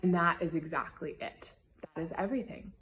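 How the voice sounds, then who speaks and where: A woman's voice: on the low side, brisk, dull audio, slight background noise. A woman love coach talking to her audience in a motivational vlog, emphatic and gushing, tagging her points with "right?".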